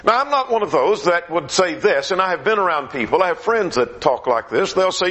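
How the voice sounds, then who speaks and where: A man preaching a gospel meeting sermon in a conversational way, his questions rising and his phrases dropping low at the end. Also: sing-song, fairly quick, few pauses, a bit bright.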